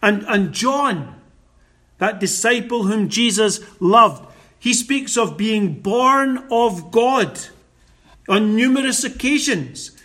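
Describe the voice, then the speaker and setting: Guy preaching a sermon, pretty high voice, takes it slow and leans on key words. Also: animated, fairly bright tone. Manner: slow, emphatic preaching with quoted scripture.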